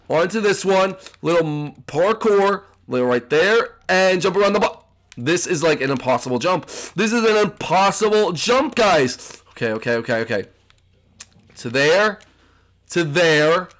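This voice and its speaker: A man hosting a gaming channel, giving excitable gameplay commentary and talking straight to his viewers. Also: a little high. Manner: excitable, keeps addressing viewers as "guys".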